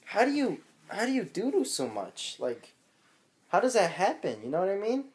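A man's voice: sits high, huge pitch swings, moderate pace, a little mellow. A young man and father talking casually to his camera at home in a loose, chatty way, swearing freely. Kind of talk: casual vlog chat to camera.

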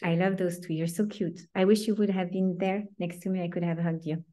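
A woman with a French accent teaching an informal online class over a video call, chatty and animated, often breaking into laughs. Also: fairly low pitch, a little fast. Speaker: teacher of a weekly Torah class.

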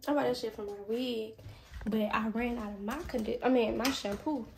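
A woman's voice: a little high, fairly even intonation, a little fast, gravelly, a little mellow, slight background noise. A young woman talking casually to her camera at home, blunt and cussing, sick and tired. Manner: frank, swears freely, tired and irritated. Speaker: vlogger. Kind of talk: casual vlog talk to camera. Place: at home, indoors. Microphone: phone camera.

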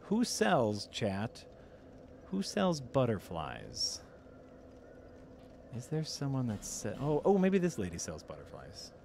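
A man with a medium-pitched voice hosts a casual gaming stream, joking with his co-host and calling out to chat as he plays. His talk is loose and playful. A faint background hiss runs under it. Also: huge pitch swings, slow pace, vocal fry, long pauses, darkish tone. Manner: playful, talks to chat while playing. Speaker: host playing a game on stream.

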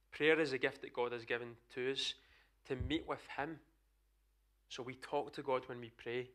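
A man's voice: medium pitch, bright, forceful tone. A man with a Scottish accent preaching an earnest, emphatic sermon to a church congregation. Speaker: pastor.

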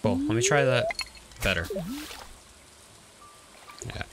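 A young man with a lowish voice talks slowly through a game, thinking aloud in a relaxed way into a desk mic. A clear layer of background noise and soft clicking sits under his voice. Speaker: streamer. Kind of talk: casual game commentary.

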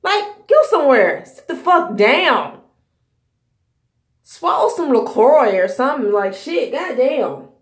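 A woman's voice: sits high, big pitch swings, takes it slowly, reverberant. A woman in her thirties hosting a podcast, delivering a heated, profane, scolding commentary rant. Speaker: podcast host.

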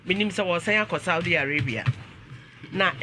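A Ghanaian man hosts a talk show in a high, piercingly bright voice. He flips between English and Twi and breaks into frequent exclamations. A faint hiss sits behind him. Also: normal speed.

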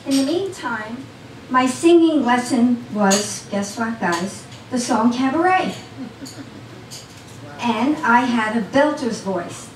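A woman's voice: on the high side, animated, slow pace, a little hiss or hum. Woman telling her own story live, keeps talking to the crowd, picked up from a distance in a roomy room. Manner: chatty, talks straight to the audience. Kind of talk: personal storytelling to a live audience. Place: small cafe event. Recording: roomy sound from a distant mic.

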